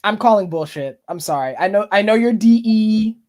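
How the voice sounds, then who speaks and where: A man's voice: high-pitched, animated, moderate pace, darkish tone. A man hosting a podcast in casual chat, blunt and teasing, swearing freely. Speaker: podcast host. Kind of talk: casual conversation.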